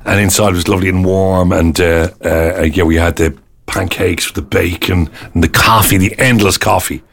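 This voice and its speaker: A man with an Irish accent hosting a casual radio chat show, lively and rambling. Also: low voice, normal speed, gravelly. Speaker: radio host.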